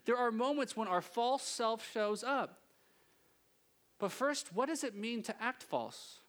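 A man preaching a sermon from a church stage, talking in a lively, joking, conversational way. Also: very high voice, a little slow. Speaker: pastor.

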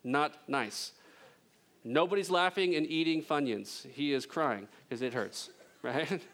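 A man preaching a sermon as pastor, conversational and joking, with emphatic swings between loud intensity and a hushed delivery. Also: on the high side, a little slow. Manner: conversational with jokes and laughter.

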